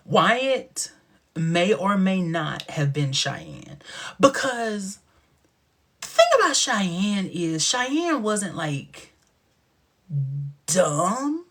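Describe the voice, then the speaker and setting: A man hosting a casual livestream chat, telling stories in an animated way, acting out quotes and dropping into whispered asides. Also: sits high, very slow. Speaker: livestream host.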